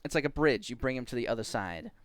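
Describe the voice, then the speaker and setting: Animated man telling a funny story. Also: fast, dry recording. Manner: animated, jumps into high excited voices when quoting. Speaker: streamer. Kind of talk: casual storytelling chat.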